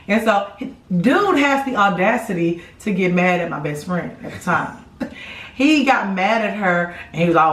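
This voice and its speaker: A woman's voice: mid-range voice, a little slow. Blunt woman telling a story in a roomy room. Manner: animated, blunt, swears, talks straight to viewers. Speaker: vlogger co-host. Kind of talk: casual storytime chat. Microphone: camera mic from a few feet away. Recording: roomy sound, mic at a distance.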